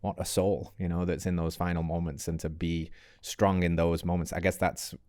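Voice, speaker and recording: Deep-voiced man hosting, reflective. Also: flat delivery, normal speed, dry recording, clean studio sound. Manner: warm, reflective, moved. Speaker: podcast host. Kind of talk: interview conversation.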